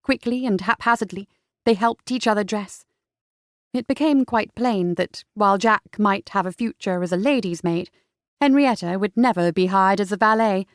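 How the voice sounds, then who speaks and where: Brief: female audiobook narrator, mid pitch, measured delivery, dry close sound. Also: dry recording. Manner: measured storytelling. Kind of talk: scripted narration.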